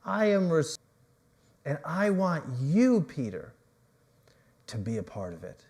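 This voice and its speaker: A pastor voicing a calm, tender male teacher who earnestly invites a friend to join him. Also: a little high, takes it slowly, heavily acted. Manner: soft, earnest, pleading.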